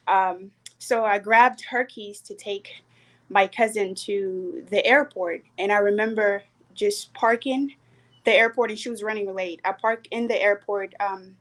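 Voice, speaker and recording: A woman's voice: medium pitch, fairly even intonation, measured pace. Woman, South Sudanese accent, young adult, earnest, hesitant, personal storytelling. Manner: earnest, hesitant with many fillers. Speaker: panel speaker.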